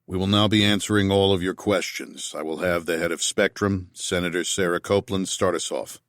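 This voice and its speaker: A formal military colonel chairing a meeting, as a male narrator voices him. The voice is fairly low, and the introductions are courteous and clipped. The sound is dry and set back from the mic. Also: steady tone, a little fast, fairly bright tone, no echo. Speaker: narrator voicing character.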